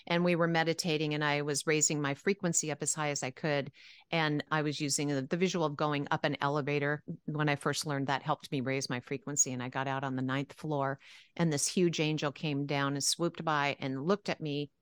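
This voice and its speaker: A woman's voice: low-pitched, little pitch movement, brisk, clear, resonant tone, no echo. A woman co-hosting a spiritual podcast, telling personal meditation stories in an earnest, chatty way and acting out her own reactions. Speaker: podcast co-host. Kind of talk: casual spiritual podcast chat.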